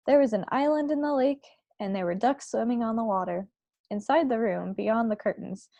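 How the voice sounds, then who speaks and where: A woman reading a children's novel aloud to a book club in a steady storytelling manner. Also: medium pitch, no echo.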